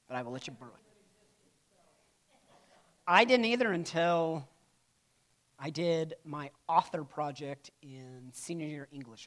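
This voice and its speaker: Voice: medium pitch, fairly bright tone. A church history teacher giving a casual classroom lecture, chatty and digressive, with playful asides to the class and stories retold through acted-out quotes.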